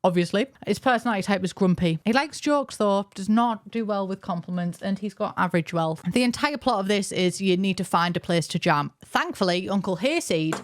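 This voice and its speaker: A woman's voice: mid-range voice, expressive, brisk, few pauses. Chatty woman explaining game lore. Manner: chatty, jokey, playful asides. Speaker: YouTuber.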